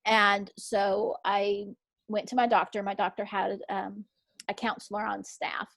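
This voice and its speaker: A woman guest on a podcast over a video call, telling her own story in a calm, measured, soft-spoken way. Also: medium pitch, vocal fry, no echo. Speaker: podcast guest, coach and author. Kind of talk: conversational storytelling.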